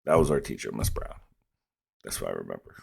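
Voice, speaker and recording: Super deep voiced guy w/ a rural american accent, rambling casual reaction commentary. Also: very animated, a little fast, gravelly, a little mellow, husky. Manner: laid-back, rambling. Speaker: reaction video host.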